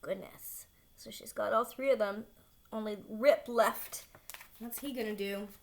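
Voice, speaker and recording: A woman's voice: medium pitch, steady tone, a little slow, gravelly. A woman reading a children's book aloud, stopping for chatty asides to young listeners.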